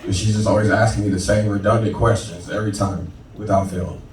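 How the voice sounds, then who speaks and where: A man's voice: lowish voice, flat delivery, a little fast, distant mic, slight background noise. A man in his thirties from Florida doing a profane, conversational stand-up set as a comedian. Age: 30s. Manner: brash, profane, conversational punchlines. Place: comedy club stage with audience laughter. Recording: roomy club recording with loud crowd.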